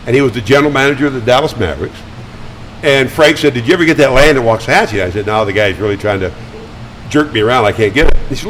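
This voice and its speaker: An older man talking as a guest, spinning chatty, animated anecdotes with frequent stammered restarts. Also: mid-range voice, slight background noise, poor audio. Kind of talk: casual storytelling. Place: studio.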